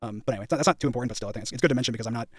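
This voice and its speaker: A man's voice: medium pitch, rapid-fire, slightly rough, no room sound, clean studio sound. A young man streaming, rambling and emphatic, swearing and acting out his past conversations. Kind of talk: casual live-stream rant.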